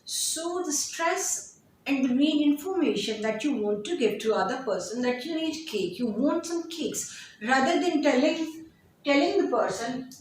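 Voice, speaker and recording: A woman teaching an English lesson, repeating example sentences slowly and often restarting. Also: high voice, animated, slight background noise. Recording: very echoey room, distant from mic.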